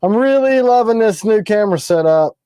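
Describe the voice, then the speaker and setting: A man's voice: high voice, lively intonation, brisk, warm tone, clear, resonant tone, no room sound. A man hosting a casual knife-making livestream, rambling and joking as he shows off his gear and trails off mid-sentence. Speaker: knife maker and livestream host.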